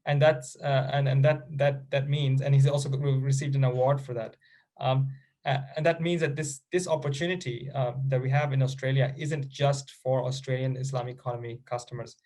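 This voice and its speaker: A man speaking haltingly on an online panel over a video call, restarting often before he hands over. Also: medium pitch, a little mellow.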